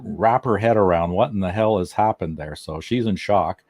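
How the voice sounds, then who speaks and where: A man guesting on a podcast, talking about comics in a relaxed, chatty way with small chuckles. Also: low voice, normal speed, dry recording, studio quality. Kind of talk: casual chat.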